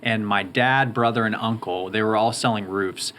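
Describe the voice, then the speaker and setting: A man's voice: fairly low pitch, fairly even intonation, moderate pace, a bit bright, slight background noise. A man in his thirties, a guest in an interview, telling his story in an upbeat, eager way. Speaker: guest, roofing company owner. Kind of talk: interview conversation.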